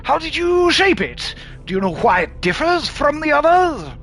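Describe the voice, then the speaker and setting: A man's voice: very high voice, sing-song, normal speed, fairly bright tone, faint music behind, voice pushed up, heavily acted. A man voicing a tall, gaunt, sonorous man in a posh, old-fashioned London accent, speaking formally and reverently.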